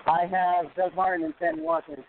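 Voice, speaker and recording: A man from Sacramento calling into a show, unsure and halting, on a phone line with faint noise. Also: high-pitched, little pitch movement. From Sacramento, California. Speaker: caller. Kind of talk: phone-in question.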